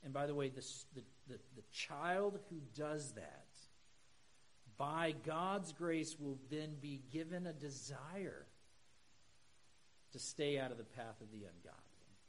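A middle-aged pastor preaching a sermon in a conversational way, with humorous asides and emphatic high points. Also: male voice, expressive, slow pace, low-quality recording.

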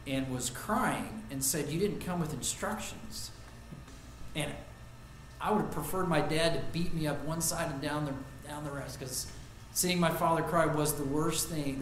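A middle-aged male pastor preaching a sermon, earnest, rising loud on lists and dropping soft for personal stories. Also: fairly high pitch, slight background noise. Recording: echoey church room.

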